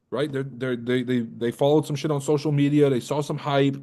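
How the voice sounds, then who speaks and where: A man's voice: medium pitch, fairly even intonation, fast, few pauses, warm tone. A man hosting a trading livestream in casual, profane, joking talk, roasting and teasing his viewers. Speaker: trading coach and livestream host.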